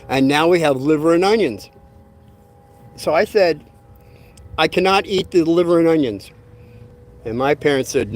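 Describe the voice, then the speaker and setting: An older man telling a rambling, folksy story on a livestream, with many pauses and fillers. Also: a little high, a little mellow. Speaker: livestream host.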